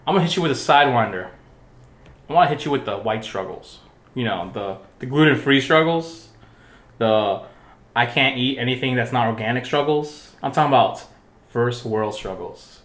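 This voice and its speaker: A young man co-hosts a casual podcast and keeps the talk loose with jokes, swearing and frequent laughter. His voice sits at a middle pitch. The recording has a roomy echo. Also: expressive, normal speed, fairly bright tone. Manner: joking, laughs often, swears. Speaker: podcast co-host. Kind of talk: casual chat.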